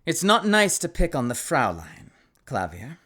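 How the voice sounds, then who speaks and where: A woman voicing a smug, condescending adult male prosecutor in a low, drawling voice over game music. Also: sing-song, unhurried, background noise.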